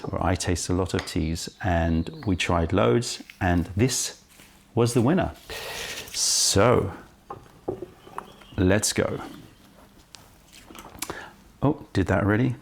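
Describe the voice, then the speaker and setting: A man presenting a casual tea-tasting vlog, highly caffeinated, chatty and full of self-interrupting asides, filmed on a camera right in front of his face. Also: creaky, darkish tone, slight background noise. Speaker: tea shop owner and presenter.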